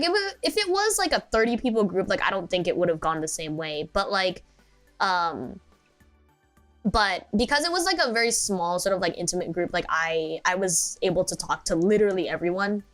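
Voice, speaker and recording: A woman's voice: medium pitch, fairly bright tone. A young woman streaming as a VTuber, telling stories in casual chat, rambling with lots of filler words and giggles.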